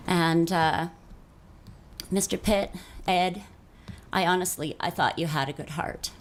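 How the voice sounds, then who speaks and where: A woman city councillor giving an earnest speech at a council meeting, halting often with fillers. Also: on the low side, fairly even intonation, slight background noise.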